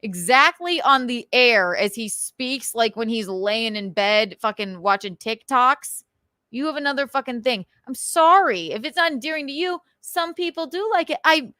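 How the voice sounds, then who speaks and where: A woman host with a transatlantic accent, ranting casually about online comments with crisp enunciation and goofy, theatrical outbursts. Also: fairly high pitch, lively intonation, normal speed, bright, forceful tone, no echo, studio quality. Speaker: show host.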